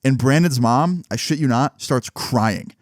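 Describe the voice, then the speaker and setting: A man telling a story in a casual storytime vlog, animated and full of swearing and fillers. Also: medium pitch, a little slow, no room sound, clean studio sound.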